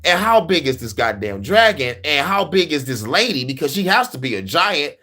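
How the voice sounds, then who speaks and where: A man's voice: fairly high pitch, very animated, normal speed, bright, forceful tone. A man hosting a casual, profane monologue, laughing often and telling stories with animation. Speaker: host.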